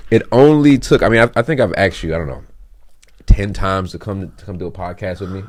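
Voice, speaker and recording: Low-voiced man hosting a podcast. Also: brisk, no room sound. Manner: loose, swearing, enthusiastic. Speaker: podcast host. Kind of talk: casual podcast conversation.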